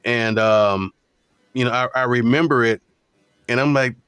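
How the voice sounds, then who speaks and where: Podcast host, man, mid-pitched voice, halting and conversational, dry close sound. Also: a bit bright, smooth, dry recording. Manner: halting, searching for words. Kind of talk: casual interview talk.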